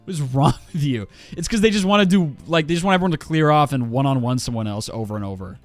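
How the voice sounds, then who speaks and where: A man's voice: mid-range voice, lively intonation, fast, soft background music. A man in his twenties ranting casually on a livestream while he plays a game, swearing a lot and full of fillers and restarts. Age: 20s.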